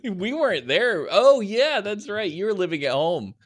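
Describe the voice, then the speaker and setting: Young male podcast co-host, lively intonation, casual and jokey. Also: high voice, moderate pace. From Florida. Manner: animated, laughs often, acts out quotes.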